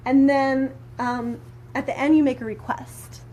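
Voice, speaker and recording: Woman rambling on a live stream, lots of "like" and "you know", kinda high voice, faint hum behind. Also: a little slow. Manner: rambling, filler-heavy, conversational; animated when acting out quoted anger. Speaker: spiritual teacher and prayer practitioner. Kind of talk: casual live-stream chat.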